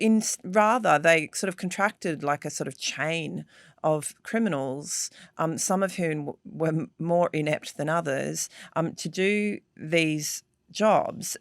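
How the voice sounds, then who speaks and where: A woman's voice: deep voice, gravelly, no echo, clean studio sound. A woman with an Australian accent hosting a news discussion, enthusiastic and full of ums and restarted sentences. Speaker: podcast host.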